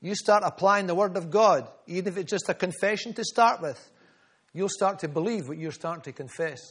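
A man preaching with a high, ringing voice. He is fervent and repetitive, building his phrases in waves and calling on congregation members by name. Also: brisk, a bit bright, husky. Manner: rhythmic repetition, builds in volume. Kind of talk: sermon.

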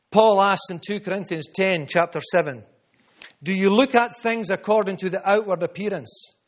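A Scottish man with a high voice preaches a sermon as pastor to his congregation. He presses his points with repetition and drops down into quiet asides.

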